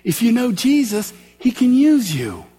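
Animated preacher man in a reverberant church. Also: extremely high pitch, a little slow, husky, soft background music. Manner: animated, acts out both sides of dialogue. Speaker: street preacher. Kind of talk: storytelling sermon.

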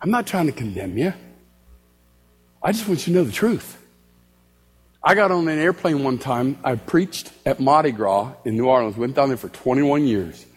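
A man's voice: medium pitch, normal speed, slightly rough, big-room sound, faint music behind. A male street preacher giving a storytelling sermon in a church, acting out both sides of his conversations. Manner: animated, acts out both sides of dialogue.

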